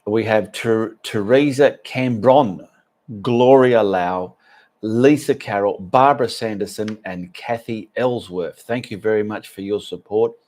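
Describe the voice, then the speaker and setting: A man's voice: lowish voice, unhurried, darkish tone. Australian man hosting a live stream. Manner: friendly, reads out viewer names and messages. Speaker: art channel host. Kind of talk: live stream chat with viewers.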